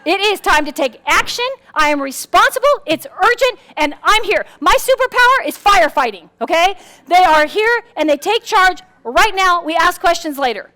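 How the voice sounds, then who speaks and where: Woman, very high voice, workshop speaker, animated, acts out quotes, playful, live audience. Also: moderate pace. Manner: animated, acts out quotes with big pitch swings. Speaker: speaker on personality styles.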